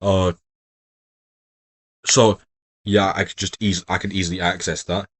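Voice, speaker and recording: A man's voice: low voice, little pitch movement, a little slow, slightly rough. A young man giving casual, jokey exam revision talk, rambling and swearing freely. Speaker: revision video host.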